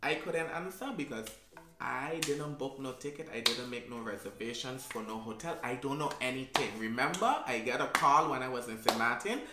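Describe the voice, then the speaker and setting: Animated young man telling a story. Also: mid-range voice, moderate pace, heavy background noise. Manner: lively storyteller who acts out every quote. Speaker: vlogger. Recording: roomy sound with music behind.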